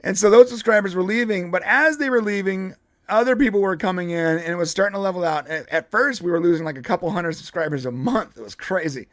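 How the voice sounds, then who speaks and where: A man with a rather high voice co-hosts a casual live stream, rambling through stories with plenty of restarts. He laughs easily between points. The sound is dry and close, with no room echo. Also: lively intonation, quick pace. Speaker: podcast co-host.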